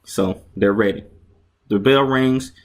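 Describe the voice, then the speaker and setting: A man's voice: fairly low pitch, takes it slowly. A man casually narrating and explaining his own comic book, chatty and enthusiastic, often restarting his sentences and acting out sound effects.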